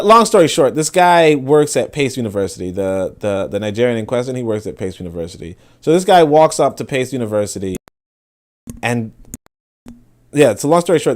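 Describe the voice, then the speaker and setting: A man's voice: fairly low pitch, darkish tone. A man giving casual, profane commentary on online clips, rambling and full of filler words.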